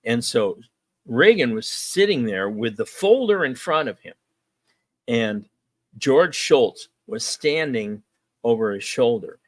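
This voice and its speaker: A man's voice: medium pitch, animated, slow pace, no room sound. Male talk host, folksy storyteller, chatty with ums and uhs, dry close mic. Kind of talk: political talk show storytelling.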